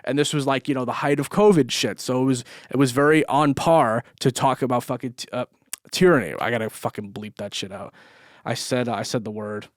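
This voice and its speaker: A young vlogger tells a long, rambling story in a medium-pitched, fairly quick voice. He swears, laughs often and fills his talk with fillers. The studio-quality recording has no echo.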